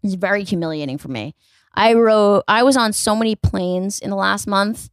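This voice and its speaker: A woman's voice: mid-range voice, normal speed, clean tone, no echo. A young woman comedian rambles through a solo podcast monologue, swearing freely and snapping into snarky acted-out quotes. Her voice sits mid-range and is close-miked in a dry, dead room.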